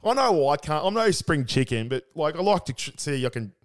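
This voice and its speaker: An Australian man co-hosting a sports podcast, casual chat full of crude, excitable banter. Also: a little high, brisk. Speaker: podcast co-host.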